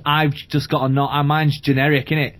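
A man's voice: a little high, little pitch movement, brisk, fairly bright tone. A young man from southern England co-hosting a podcast, chatting casually and laughing a lot over a video call. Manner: laughs often, jokey. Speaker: podcast co-host.

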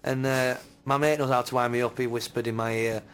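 A man with an English accent co-hosting a comedy podcast, playful and quick to act out silly voices. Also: medium pitch, level tone, fairly bright tone, clear, resonant tone. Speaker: podcast co-host. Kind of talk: casual comedy chat.

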